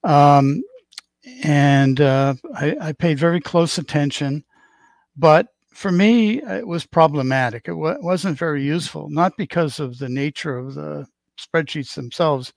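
A man's voice: fairly high pitch, measured pace, creaky, no room sound. A man in his seventies with a Boston accent, chatting as a stream guest and telling rambling, joking stories. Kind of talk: casual chat on a stream.

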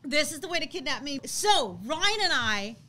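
A woman in her thirties co-hosting a casual chat, telling a story in an animated way and laughing as she acts out what people said. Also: high voice, moderate pace. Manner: animated, laughs while acting out quotes. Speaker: co-host.

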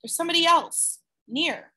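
A small boy with an uncannily wise, calm manner, as a woman reading a storybook puts him on. He speaks in a quiet, matter-of-fact way in a high, bright, clear voice. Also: moderate pace. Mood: alert.

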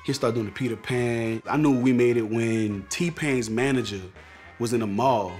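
A young man telling his story in a relaxed, slangy, animated way. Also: mid-range voice, normal speed, soft background music. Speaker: viral comedian. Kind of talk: casual storytelling interview.

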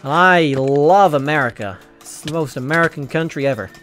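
A man doing a clumsy, exaggerated fake American accent, voicing a boastful mock patriot in a jokey, drawn-out way. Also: a little high, a bit bright, faint music behind, lightly acted.

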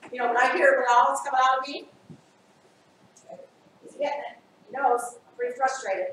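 A woman's voice: sits high, a little fast, a little hiss or hum. Echoey woman leading a training workshop. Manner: animated, acts out scenarios. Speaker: workshop presenter. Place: school training room. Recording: echoey room from far off.

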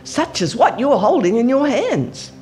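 A woman in church voicing a devout, excited woman prisoner who speaks in high, breathless, eager pleas. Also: unhurried, soft background music. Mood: serene.

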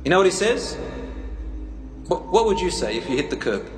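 Male preacher, engaging storyteller, fairly high voice, echoey hall recording. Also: very animated, normal speed. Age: adult, a teacher. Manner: engaging, questions the audience, tells stories. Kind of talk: sermon. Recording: echoey hall, faint ambience.

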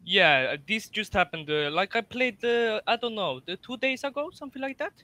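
A man's voice: sits high, expressive, moderate pace, sharp tone, no room sound. A man making a prank call in a hesitant, mock-foreign voice, stumbling and repeating himself. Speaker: prank caller.

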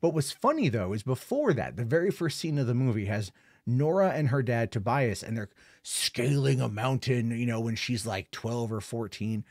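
A man's voice: mid-range voice, expressive, normal speed, darkish tone, no echo, clean studio sound. A man giving a casual spoken film review, rambling with lots of fillers and an amused tone.

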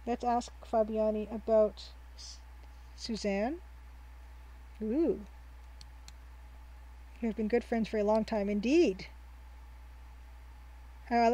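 A woman's voice: mid-range voice, warm tone, rough recording. A woman hosting a let's play, chatting casually, reading the game's text aloud and laughing often. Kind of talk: casual gameplay commentary.

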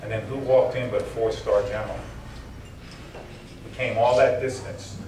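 A man's voice: medium pitch, steady tone, normal speed, darkish tone, a little hiss or hum. Man, emotional keynote speech, voice catching at tender moments, distant mic, echoey banquet hall. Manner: heartfelt, voice drops and chokes up at tender moments. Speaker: keynote speaker. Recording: roomy hall recording from a distance.

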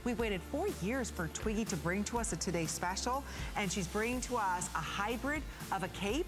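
A woman hosting a live shopping channel, pitching products in an upbeat, salesy way. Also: animated, normal speed, music in the background. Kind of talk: live TV selling.

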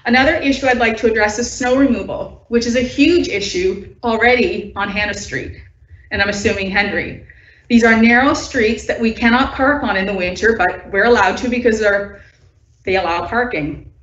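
The recording is distant, echoey, dull video call audio of a woman at home addressing a council meeting as a resident. Her slightly high, fairly bright voice moves at a moderate pace and shakes with upset while she nervously and earnestly presses her objections.

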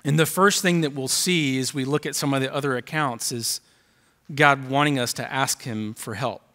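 A man's voice: mid-range voice, moderate pace, pushed and bright. Preaching man in a reverberant hall. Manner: reads scripture aloud, building emphasis. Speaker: pastor. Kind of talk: sermon. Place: church auditorium.

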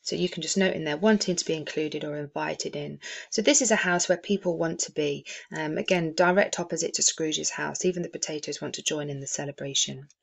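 A woman's voice: low-pitched, a little fast, creaky, few pauses, slightly rough. A woman teacher explaining a novel in a recorded lesson, with many "um" fillers. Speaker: English teacher.

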